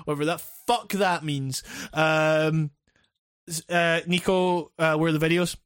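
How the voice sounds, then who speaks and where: A man's voice: fairly high pitch, fairly even intonation, unhurried, fairly bright tone, smooth, dry recording, studio quality. A man co-hosting and editing a podcast over a call, talking in a rambling, swear-filled, laughing way. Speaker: podcast co-host and editor. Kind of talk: casual podcast chat. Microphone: remote call.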